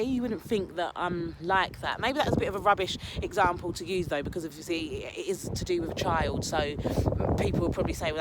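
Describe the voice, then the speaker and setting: Earnest man, noisy recording. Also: high-pitched. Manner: earnest, rambling, emotional, repeats himself. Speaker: motivational vlogger. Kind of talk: casual motivational monologue.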